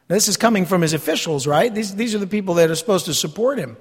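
Man, pastor, sermon, high-pitched, conversational, rhetorical questions, long hall echo. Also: expressive, fast talker, hardly any pauses, breathy edge.

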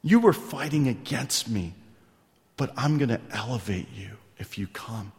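A man preaching a sermon as pastor, moving between hushed asides and loud, stretched-out emphasis. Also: mid-range voice, lively intonation, a little slow, gravelly. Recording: long reverb in a large hall.

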